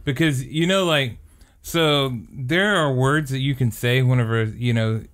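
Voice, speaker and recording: A podcast co-host chats in an easygoing manner, his speech full of fillers. His voice is medium-pitched and a bit bright, and he talks a little slowly in this casual conversation.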